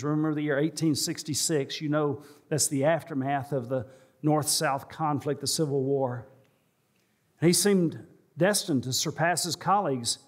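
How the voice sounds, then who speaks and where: A male pastor preaches a sermon in a church sanctuary, telling a story. For emphasis he slows down and lets his pitch rise.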